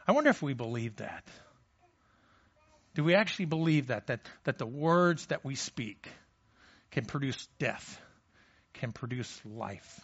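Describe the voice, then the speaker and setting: A man preaching a sermon in a conversational, questioning manner. His voice sits a little high for a man, and the recording is dull and lo-fi. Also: animated, measured pace, a bit bright. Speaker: pastor.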